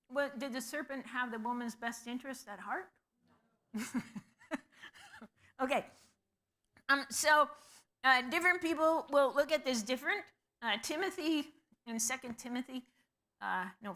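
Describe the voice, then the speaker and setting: Bright-voiced woman teaching a Bible class. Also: fairly high pitch. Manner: conversational, asks the class questions, many ums. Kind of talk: Bible study lecture.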